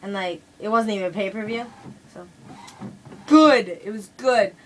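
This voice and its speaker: A woman's voice: medium pitch, unhurried, a little hiss or hum, rough recording. A young woman casually reviewing a wrestling event in a vlog, rambling and chatty with lots of fillers.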